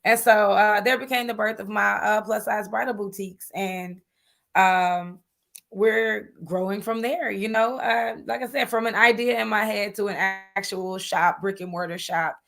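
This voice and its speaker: A woman guest in an interview, telling her business story in a lively, chatty way, calling people "honey" and using many fillers. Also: medium pitch, moderate pace, vocal fry. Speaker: guest entrepreneur. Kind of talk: animated interview talk.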